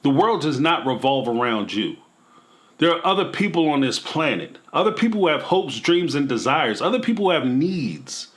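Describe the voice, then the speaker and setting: A man's voice: on the high side, big pitch swings, moderate pace. A man hosting a commentary channel, talking emphatically and preachily in a casual vlog style, with playful asides.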